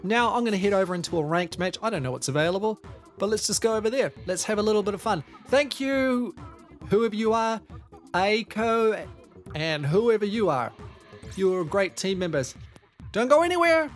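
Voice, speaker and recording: A man with a New Zealand accent commentating his own gameplay, excitable, with frequent exclamations and self-deprecating asides. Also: sits high, normal speed. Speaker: gaming YouTuber. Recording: game music playing underneath.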